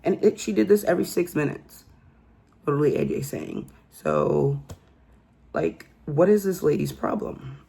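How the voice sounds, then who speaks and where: A woman's voice: low voice, wildly swooping pitch, moderate pace, creaky, warm tone, breathy edge. A woman hosting a casual true crime recap and telling the story in a chatty, incredulous way.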